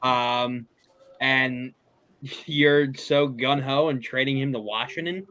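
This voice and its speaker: A man's voice: mid-range voice, steady tone, slow pace, pushed and bright. A man appearing as a podcast guest, giving plain, matter-of-fact opinions with some fillers. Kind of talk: casual podcast chat.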